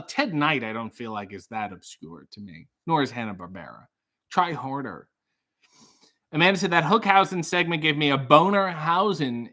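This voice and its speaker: A man running a casual live stream, reading viewer comments with dry, deadpan asides that trail off. His voice sits a little high for a man and sounds bright and forceful. He turns loud and upbeat when he greets a guest. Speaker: livestream host.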